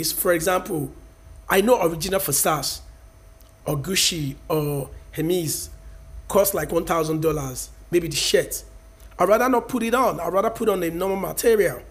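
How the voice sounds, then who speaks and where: A man in his thirties with a Nigerian Yoruba accent, vlogging an emphatic, preachy rant and mixing in Yoruba phrases. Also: high voice. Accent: Nigerian, Yoruba-speaking. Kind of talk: casual opinion rant to camera.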